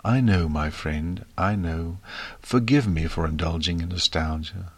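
A regal, ancient pony princess speaks softly and politely, put on by a man reading the story. The voice is lifted gently above his deep natural register. The sound is dry and close, with no room around it. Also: unhurried, breathy edge, no echo, exaggerated voice. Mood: soothing. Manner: soft, polite and soothing. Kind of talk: audiobook fiction reading.

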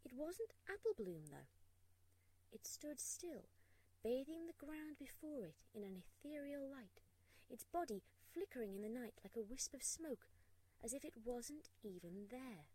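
High-voiced woman reading a story. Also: a little slow, husky, low-quality recording. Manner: expressive, hushed in tense moments. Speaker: narrator. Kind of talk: storybook narration.

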